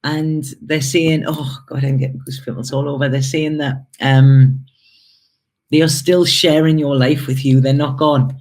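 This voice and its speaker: Unhurried and a little mellow, this tarot reader's fairly high voice stays fairly level as he does an intuitive spirit reading on camera. His speech is halting and repetitive, filled with fillers and emotional tangents.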